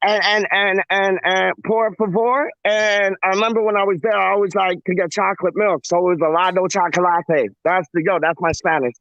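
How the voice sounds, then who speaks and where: Playful high-voiced slangy man from Canada. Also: steady tone, normal speed, few pauses, a bit bright, no echo, lo-fi sound. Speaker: guest. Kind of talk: casual live stream chat.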